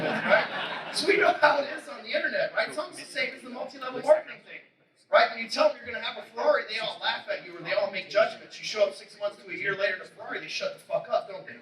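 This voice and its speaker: A man's voice: high-pitched, quick pace, pushed and bright. A man giving a brash, profane motivational sales talk from a stage, swearing constantly and hitting his points hard. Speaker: keynote speaker. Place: event stage before a live audience. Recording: roomy hall, mic from a distance, crowd.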